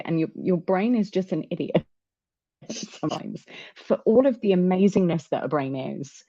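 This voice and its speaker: A woman with a low voice talks openly in a casual chat, stumbling and restarting as she goes. The recording sounds dull and lo-fi. It is also dry, with no room sound. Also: expressive, mellow, dry recording. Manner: candid, halting, many restarts.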